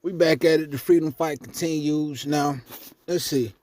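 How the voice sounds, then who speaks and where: Vlog host, young man, high pitch, casual and blunt, gets loud when worked up. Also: steady tone, normal speed. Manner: blunt, profane, rising when indignant. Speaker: commentary vlogger. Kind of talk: casual reaction commentary.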